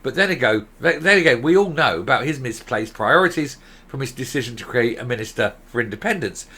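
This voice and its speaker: A man's voice: medium pitch, animated, brisk, pushed and bright. A man doing an opinionated political commentary vlog, sarcastic and exasperated, with mocking asides.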